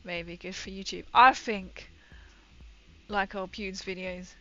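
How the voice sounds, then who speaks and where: A woman's voice: medium pitch, fairly even intonation, takes it slowly, pushed and bright, dull audio, slight background noise. A young woman chatting casually and rambling through a story while she paints on a livestream.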